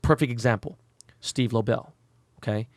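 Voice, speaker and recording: A middle-aged man telling unfiltered stories as an interview guest, profane and animated, and he acts out quotes in a raised voice. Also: mid-range voice, normal speed, no echo, studio quality. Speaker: guest, celebrity jeweler.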